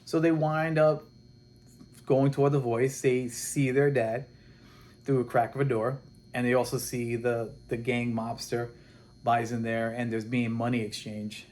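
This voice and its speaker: A man casually recapping a comic book plot, animated and rambling, acting out the characters' lines as he goes. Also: medium pitch, unhurried. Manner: rambling and animated, with many restarts and quoted dialogue.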